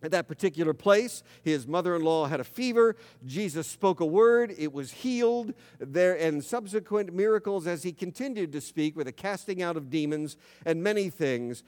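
A male pastor preaching a sermon in a conversational, storytelling way, slowing down for emphasis. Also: high-pitched. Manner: conversational storytelling, dramatic slowdowns. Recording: long reverb of a large hall.

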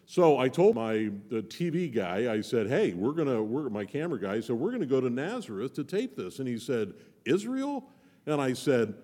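A man's voice: medium pitch, a little mellow. Folksy joking preacher man in a church. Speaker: visiting preacher. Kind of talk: sermon. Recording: long church reverb.

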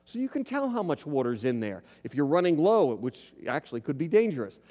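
A man's voice: fairly high pitch, sing-song, brisk, dark tone. A man preaching a sermon, reading scripture aloud and putting questions to his congregation in an earnest tone. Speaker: pastor. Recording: long hall reverb.

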